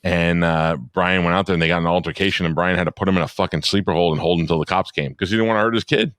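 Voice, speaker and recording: A man's voice: low-pitched, fairly even intonation, very fast, fairly bright tone, dry recording. A middle-aged man co-hosting a podcast, bantering bluntly and profanely in casual chat. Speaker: podcast co-host.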